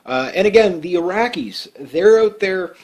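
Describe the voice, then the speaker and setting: A man's voice: high voice, lively intonation, normal speed, darkish tone. A man giving off-the-cuff political commentary, blunt and emphatic, rambling with many fillers and restarts.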